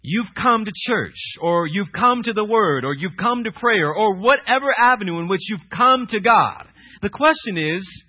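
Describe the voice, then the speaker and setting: Husky, animated preacher man. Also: high voice, normal speed, highs cut off. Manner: dramatic preaching, swings between loud emphatic questions and hushed reading. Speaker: pastor. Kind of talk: sermon.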